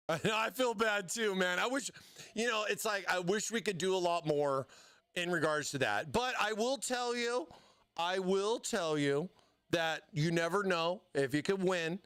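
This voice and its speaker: A man's voice: high voice, a little slow, a bit bright, smooth, dry recording, studio quality. A man hosting a casual livestream giveaway, hyped and slangy, calling viewers "baby" and "bro.". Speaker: livestream host.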